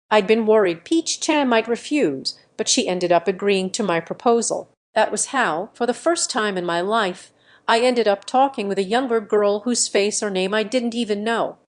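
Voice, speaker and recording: A woman narrating a first-person romance audiobook in a gentle, earnest storytelling manner. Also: mid-range voice, moderate pace.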